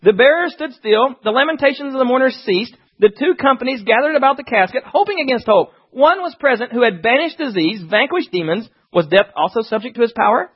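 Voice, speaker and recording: High husky man preaching. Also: dull audio. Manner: animated, talks fast, voices asides. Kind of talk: sermon with scripture reading.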